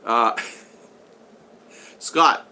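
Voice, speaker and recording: An older man talks casually to a livestream audience, wandering from story to story. His voice is bright and forceful, and a faint noise sits under it. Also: very slow. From United States. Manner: rambling anecdotal storyteller with frequent restarts. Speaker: vlogger reading live chat.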